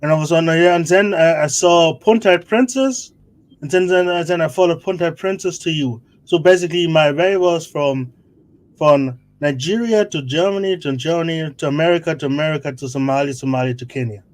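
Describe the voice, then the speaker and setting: A man's voice: on the high side, brisk. Blunt man joining a livestream. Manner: blunt, swears, rambling restarts. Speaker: livestream guest. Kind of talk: casual livestream chat.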